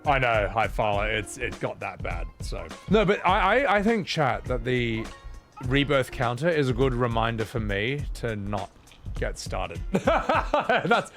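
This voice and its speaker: Male streamer with a lively, swooping delivery, joking and self-deprecating, with faint game music underneath. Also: mid-range voice. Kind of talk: casual game-stream commentary.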